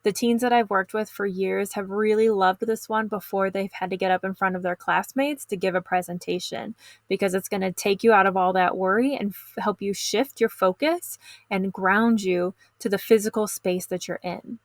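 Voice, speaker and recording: A middle-aged woman coaching teens in an instructional video lesson, calm and encouraging, speaking straight to the viewer. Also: mid-range voice, normal speed, no room sound. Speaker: teen stress coach.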